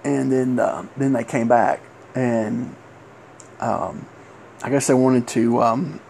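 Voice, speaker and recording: A middle-aged man, a former wrestler telling an old story casually, halting and rambling with many fillers. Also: medium pitch, fairly even intonation, gravelly, darkish tone, slight background noise.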